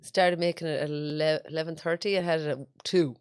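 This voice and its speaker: Fast-talking rural Irish woman. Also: deep voice, steady tone, a little mellow, clean tone, no echo, studio quality. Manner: fast, eager storyteller, quick to encourage. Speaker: podcast co-host. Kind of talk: casual chat.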